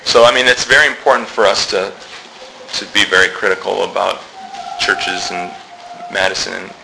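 A man's voice: low-pitched, flat delivery, moderate pace, gravelly, background noise. A man talking casually in a church discussion group, chatty, acting out quoted remarks and laughing often.

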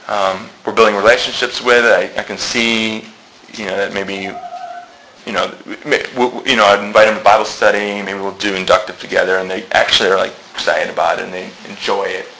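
A man's voice: fairly low pitch, bright, forceful tone, a little hiss or hum, rough recording. A man talking casually in a church discussion group, chatty, acting out quoted remarks and laughing often.

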